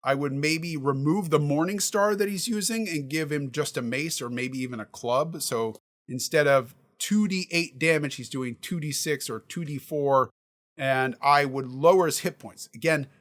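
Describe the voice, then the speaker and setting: A man's voice: fairly high pitch, a bit bright. A man who runs tabletop games, talking casually through how he prepares, reasoning aloud with examples. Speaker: dungeon master giving prep advice. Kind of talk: casual instructional talk.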